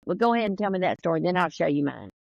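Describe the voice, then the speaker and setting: With a Southern US drawl, this woman co-hosts a podcast and tells stories in casual chat, racing along in a lowish, sing-song voice with vocal fry. There's no room sound, and the highs are cut off.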